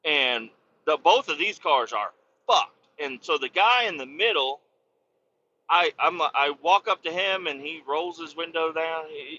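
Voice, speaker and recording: A man's voice: a little high, a little slow, highs cut off. A man hosting a podcast, casually telling a story with a lot of cursing and repeating himself. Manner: profane, animated, repeats himself.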